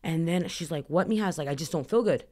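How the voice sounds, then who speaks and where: Quick and warm, her low-pitched voice carries a candid personal story on a podcast where she's a guest. The thirtysomething woman keeps it chatty, leaning heavily on "like" and performing bits of dialogue.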